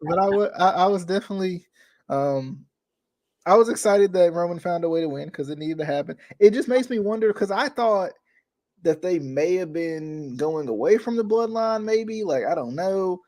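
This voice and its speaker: Rambling, slightly high-voiced male host. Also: normal speed. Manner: rambling, self-correcting, excitable. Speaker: podcast host. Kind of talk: casual chat.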